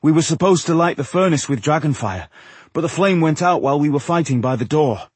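A man voicing a determined young male dwarf leader who talks earnestly and urgently, pitched a bit above his own voice. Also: lively intonation, fairly quick, darkish tone, slightly rough, dry recording. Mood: dejected.

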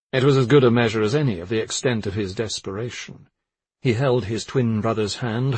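A man narrating a thriller in a measured, subdued reading. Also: mid-range voice, husky, no room sound. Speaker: audiobook narrator.

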